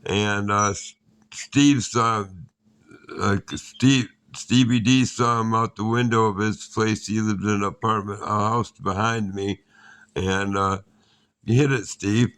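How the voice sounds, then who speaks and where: A man from northern Michigan, a guest and old friend, telling a story in halting, hesitant speech full of pauses. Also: on the low side, fairly even intonation, a bit bright, clean tone. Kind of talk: casual chat.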